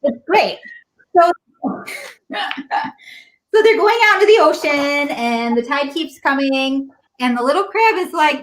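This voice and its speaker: Lady librarian w a high voice getting really animated telling a story. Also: slow, long pauses, low-quality recording. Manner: animated storytelling, acts out lines. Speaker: librarian guest. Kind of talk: casual chat.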